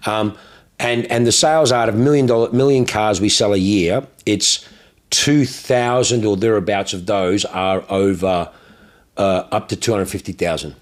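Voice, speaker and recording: A man's voice: on the low side, moderate pace. A man with an Australian accent, a car dealer telling blunt, profane anecdotes in casual chat.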